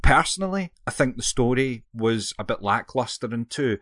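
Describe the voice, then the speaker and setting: A man's voice: medium pitch, animated, moderate pace, a bit bright, no room sound, clean studio sound. A man, co-hosting a casual chat and rambling through his opinions, often correcting himself. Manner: rambling, self-correcting, jokey. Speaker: podcast co-host.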